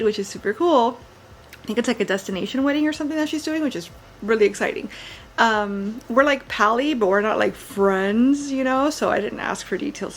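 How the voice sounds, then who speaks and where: A woman's voice: medium pitch, a little hiss or hum. A tired woman in her thirties from the United States, chatting casually to camera in a daily home vlog, rambling with fillers and yawns. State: tired, yawning. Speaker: vlogger. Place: at home, indoors.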